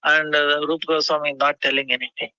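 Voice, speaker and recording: A man telling a devotional story in a halting way, often pausing with "you know". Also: fairly high pitch, little pitch movement, sharp tone, clean tone, dry recording, highs cut off.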